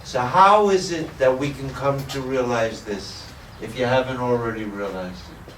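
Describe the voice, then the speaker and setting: A man's voice: mid-range voice, normal speed, a bit bright, a little hiss or hum. A man who teaches spirituality, telling a parable with playful humor to a small audience. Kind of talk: storytelling talk to a small audience. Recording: roomy echo, distant mic.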